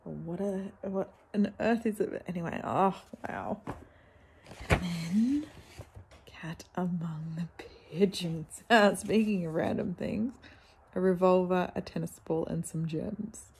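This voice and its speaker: Female book vlogger, unhurried delivery with a fry-edged voice, gushing and breathy-hushed when excited. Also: on the low side. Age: adult with sons. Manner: gushing, with gasps and hushed exclamations. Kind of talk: casual book-haul vlog.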